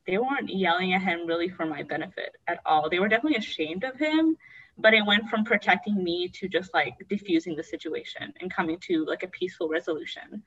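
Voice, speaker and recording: A woman's voice: medium pitch, muffled recording. A young adult woman, a guest, candidly telling an emotional personal story and acting out the voices she quotes.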